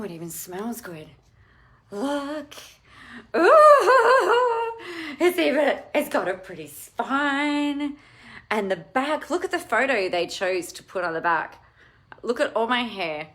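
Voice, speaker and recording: A woman hosting a casual video, unboxing her own book and gushing with excitement. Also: mid-range voice. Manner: gushing and excitable, bursts of squealing. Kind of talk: casual live video chat. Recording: roomy echo.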